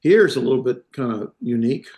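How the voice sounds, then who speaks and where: Male instructor, mid pitch, halting delivery full of fillers, classroom lecture. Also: expressive, vocal fry, darkish tone. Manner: halting, many fillers and self-corrections.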